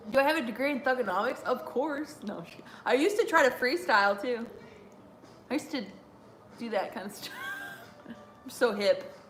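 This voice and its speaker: A woman's voice: a little high, animated, moderate pace, long pauses, a bit bright, echoey room, soft background music. A woman hosting a casual watch-along stream, reading chat aloud and answering with lots of giggles and jokes.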